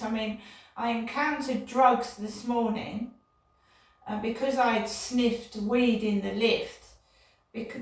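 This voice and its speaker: An older woman talks slowly and indignantly, circling back to repeat her points. Her voice is gravelly and sits a little high. She sounds set back from the mic in a very echoey room. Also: recorded from a distance. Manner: indignant, repetitive, digressive. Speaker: vlogger. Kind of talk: casual rambling monologue.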